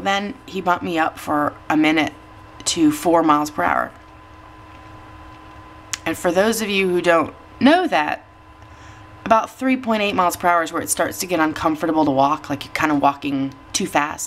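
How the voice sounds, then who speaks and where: Lady vlogging at home, low voice, teary and chatty, laughs at herself a lot. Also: moderate pace, gravelly, a little hiss or hum. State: tearful. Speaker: weight-loss vlogger. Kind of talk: casual chat to camera.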